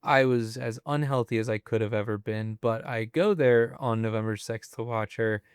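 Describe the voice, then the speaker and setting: A man in his twenties, a podcast guest telling his story in a relaxed, chatty way with plenty of fillers. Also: mid-range voice, normal speed, clear, resonant tone, no echo, studio quality. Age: 20s. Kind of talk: casual interview storytelling.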